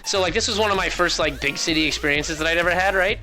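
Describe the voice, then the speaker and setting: A male esports caster chats casually, drifting into rambling, joking stories. His voice is bright and sits a little high, with faint music behind. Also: fast talker. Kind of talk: casual chat.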